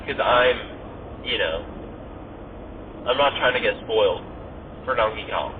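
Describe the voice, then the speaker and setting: A man's voice: medium pitch, animated, unhurried. A man hosting a podcast, chatting casually in a rambling way, full of "like" and "you know". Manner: rambling, filler-heavy, lots of "like" and "you know". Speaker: podcast host. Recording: tinny phone-like audio with faint noise.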